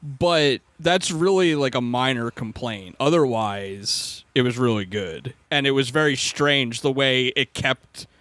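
A man co-hosting a podcast, talking slowly and deliberately in casual chat. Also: medium pitch, fairly bright tone, no room sound. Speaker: podcast co-host.

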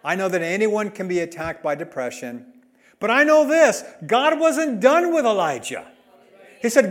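A man preaching a sermon as a pastor, emphatic, swinging between loud and soft delivery. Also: high voice, sing-song, moderate pace.

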